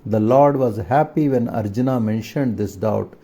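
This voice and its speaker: A man reading a spiritual text in a measured, earnest way. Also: mid-range voice, mellow. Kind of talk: scripture reading.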